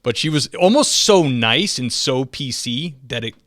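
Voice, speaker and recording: A man's voice: medium pitch, unhurried, no room sound. A man who hosts a podcast and works as a police officer, telling stories casually and acting out the quoted voices. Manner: animated storyteller, acts out quotes.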